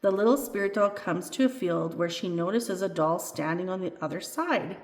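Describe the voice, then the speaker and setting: A woman reading her own children's book aloud, expressive and playful. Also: on the low side, normal speed. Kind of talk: storybook read-aloud. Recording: echoey room with long reverb.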